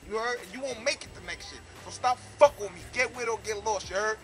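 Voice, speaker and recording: A man's voice: high-pitched, fast talker, rough recording. A man boasting and trash-talking to a handheld camcorder outdoors in front of his building. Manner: brash, cocky, trash-talking. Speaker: featured guest boasting on camera. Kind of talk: profane street boasting to camera. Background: music.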